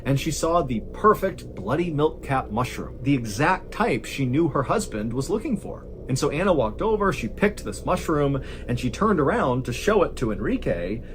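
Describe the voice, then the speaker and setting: A man's voice: mid-range voice, noisy background. A man telling a true mystery story in a casual, conversational way, building suspense as he goes.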